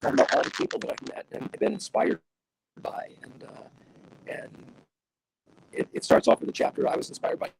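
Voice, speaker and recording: Speaking at a moderate pace with long pauses, this older man, a veteran radio broadcaster, enthusiastically spins wide-ranging stories for a casual interview. His video call makes him sound robotic with digital distortion, and a slight hiss or hum sits underneath.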